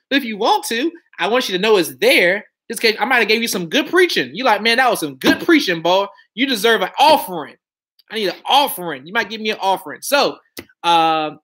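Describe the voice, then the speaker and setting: A man's voice: high voice, sharp tone. A man talking loosely and confidently on a casual live stream about taxes and credit. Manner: loose, conversational, slangy and self-assured. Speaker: credit and tax educator.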